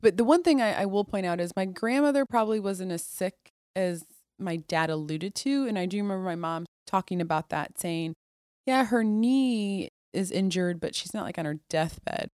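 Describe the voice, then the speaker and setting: A woman guest on a podcast telling her personal story in a candid, conversational way, with restarts and moments where she drops soft and quiet. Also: mid-range voice, moderate pace, dry recording, studio quality. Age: adult. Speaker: podcast guest, Air Force officer.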